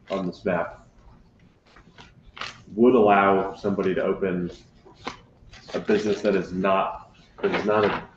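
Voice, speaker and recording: A man on a city committee asking questions at a meeting, halting and searching for words. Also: on the low side, background noise. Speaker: committee member. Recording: echoey chamber, dull sound.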